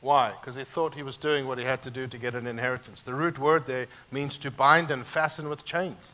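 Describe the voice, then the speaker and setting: A man pastor preaching a sermon, emphatic and animated, moving sharply between loud and quiet passages. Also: mid-range voice, brisk.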